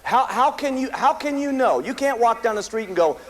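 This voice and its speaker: High-voiced American man giving a pep talk. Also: animated, moderate pace, rough recording. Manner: emphatic and repetitive, storytelling. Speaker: company founder speaking at a meeting. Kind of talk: motivational speech to a live audience. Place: meeting hall with an audience.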